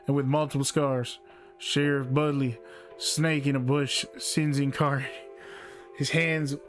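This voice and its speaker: A man plays through a text game and reads it aloud in a playful way. His voice is fairly high, and faint music plays underneath. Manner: playful, laughs while reading. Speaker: game streamer.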